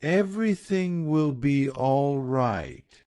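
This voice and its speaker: A man's voice: fairly high pitch, lively intonation, slow, dark tone, clean tone, dry recording, studio quality, pitched above the performer's own voice. A man voicing a confident, cheerful magical talking head in a storybook reading, raising his voice for it. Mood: reassuring.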